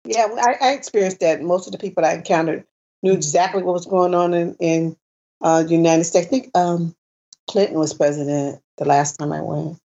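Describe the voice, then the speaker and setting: Hesitant woman with a low voice. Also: steady tone, fairly quick, vocal fry, dark tone, dull audio. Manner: hesitant, self-conscious, trailing off. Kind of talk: casual chat.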